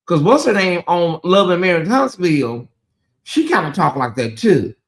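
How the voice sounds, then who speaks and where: A man's voice: high voice, very animated, normal speed. Chatty Southern man hosting a livestream. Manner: chatty, talks straight to viewers, reads and answers chat. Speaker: livestream host. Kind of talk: casual livestream commentary.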